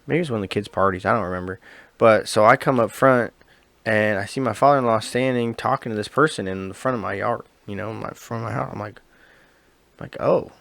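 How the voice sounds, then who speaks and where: Fast-talking man in a casual chat. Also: medium pitch, gravelly, no room sound. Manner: quick, chatty, chimes in. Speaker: podcast co-host.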